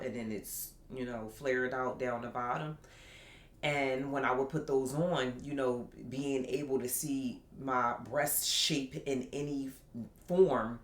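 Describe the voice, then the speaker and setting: A woman hosting a personal podcast, reciting slow affirmations and speaking candidly. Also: rumbling low, roomy sound. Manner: slow, soothing affirmations, then candid storytelling. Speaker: podcast host.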